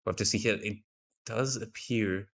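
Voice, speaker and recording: Male esports caster, lowish voice, chatty and playful, a bit tired, stumbles and restarts sentences. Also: fairly even intonation, normal speed, gravelly. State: tired, yawning. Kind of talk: live esports commentary.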